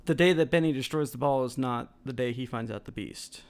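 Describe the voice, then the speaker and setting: A man's voice: mid-range voice, a little fast, darkish tone. A man co-hosting a podcast, recapping a movie in loose, rambling casual chat, swearing and correcting his co-host.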